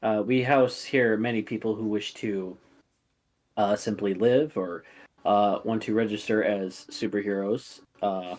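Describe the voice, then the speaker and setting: A man voicing a calm telepathic woman. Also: lowish voice, measured pace.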